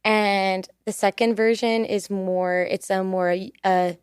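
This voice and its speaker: A woman's voice: mid-range voice, fairly even intonation, takes it slowly, clear, resonant tone, no echo. A young woman with an American accent, a singer chatting casually as a studio podcast guest, who laughs often. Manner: chatty, laughs often, repeats thank you. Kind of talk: casual interview chat.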